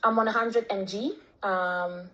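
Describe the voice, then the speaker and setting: A woman's voice: medium pitch, fairly even intonation, measured pace, a bit bright, lo-fi sound. Hesitant Greek-accented woman, voice memo. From Greece. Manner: hesitant, many ums and restarts. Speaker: caller sending a voice memo.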